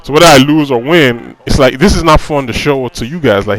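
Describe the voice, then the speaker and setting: A man's voice: medium pitch, lively intonation, brisk, a bit bright, dry recording, poor audio. Frustrated man ranting over gameplay. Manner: repeats himself, fillers like "you know". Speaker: gaming commentator. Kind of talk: casual gameplay commentary.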